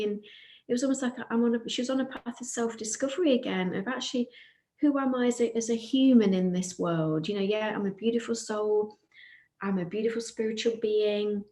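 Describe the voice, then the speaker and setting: A woman with a voice on the higher side tells a story of a healing session in a casual, heartfelt way. She often quotes the other person gently. The room around her sounds roomy and echoey. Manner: warm, earnest retelling of a client session, quoting her softly. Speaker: podcast co-host.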